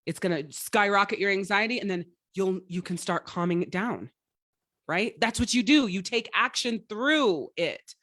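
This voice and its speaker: A woman's voice: mid-range voice, lively intonation, normal speed, fairly bright tone, no room sound, studio quality. A woman life coach giving a motivational livestream talk, blunt and profane, rambling with frequent restarts.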